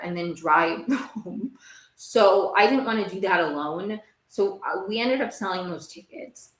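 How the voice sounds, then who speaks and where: A woman's voice: lowish voice, fairly bright tone. A young woman hosting a podcast, recapping TV shows in a casual, rambling monologue. She speaks emphatically, says "like" a lot and repeats her phrases. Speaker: podcast host. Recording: roomy echo.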